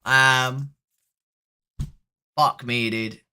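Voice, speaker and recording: A woman's voice: very deep voice, fairly even intonation, extremely slow, sharp tone, clean tone. A woman, chatting bluntly and swearing often while streaming random video chats. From Leeds, England. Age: 30s. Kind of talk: casual video-chat streaming.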